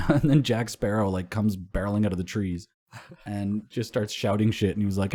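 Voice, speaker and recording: A man's voice: on the low side, brisk, mellow, slightly rough. A young man co-hosting a casual podcast, telling rambling stories full of swearing and laughter. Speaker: podcast co-host.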